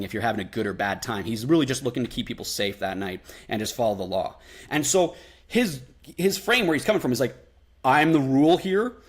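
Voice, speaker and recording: A young man answering viewer questions on a live stream, chatty with lots of fillers, acting out different tones of voice. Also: mid-range voice. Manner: casual, many fillers, acts out tones of voice.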